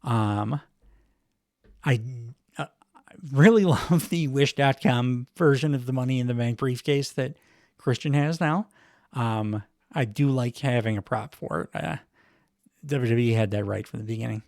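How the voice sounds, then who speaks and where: A man's voice: mid-range voice, unhurried, a little mellow, no echo, studio quality. Wry rambling man recapping wrestling. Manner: rambling, wry, chuckles often, many fillers. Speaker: podcast host. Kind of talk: casual solo wrestling recap.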